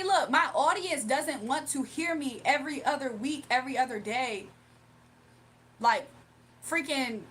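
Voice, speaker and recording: A woman's voice: sits high, fairly bright tone, slight background noise. A woman hosting a livestream in a casual, blunt, scolding manner. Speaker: livestream host.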